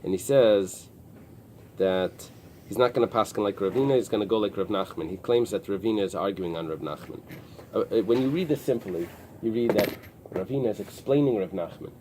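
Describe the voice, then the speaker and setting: Low-voiced rabbi teaching Talmud, halting. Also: male voice, dark tone, a little hiss or hum. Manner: explains in halting restarts with many fillers. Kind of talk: early-morning Talmud class. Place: synagogue study room with a small group.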